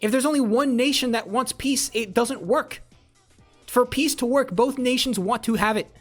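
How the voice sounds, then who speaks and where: Streamer on a heated, swear-heavy rant at mid pitch, with faint music underneath. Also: normal speed. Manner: heated, profane, repeats phrases for emphasis; talks back to chat messages. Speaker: live streamer. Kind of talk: casual live-stream political rant.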